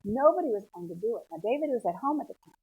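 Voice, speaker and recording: A woman teaching a Bible lesson, retelling the story in a lively, conversational way. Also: a little high, very fast, breathy edge. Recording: tinny phone-like sound.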